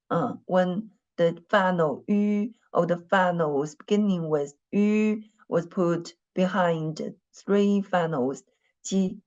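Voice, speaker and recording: A woman teaches a class, her voice sitting a bit low and moving at an unhurried pace. She repeats her phrases and fills the gaps with small fillers. The recording sounds dull and lo-fi. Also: darkish tone. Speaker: Mandarin teacher. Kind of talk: classroom lesson.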